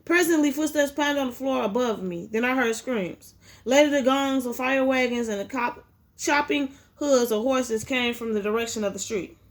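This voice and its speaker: A woman's voice: high-pitched, moderate pace. Woman reading aloud with frequent restarts. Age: adult with a child. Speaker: audiobook reader.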